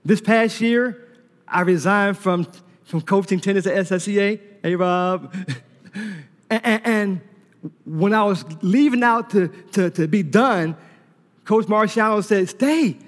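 A man preaching a sermon to a congregation, telling a personal story in an animated way, laughing and acting out conversations. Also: sits high, a little slow. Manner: animated storyteller who laughs and acts out dialogue. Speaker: preacher giving a testimony. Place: large hall before a congregation. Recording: long reverb from a large hall.

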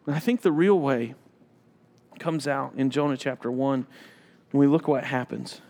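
A man's voice: medium pitch, normal speed, warm tone, in a large hall. A man preaching a sermon as a pastor, emphatic and repeating phrases for effect.

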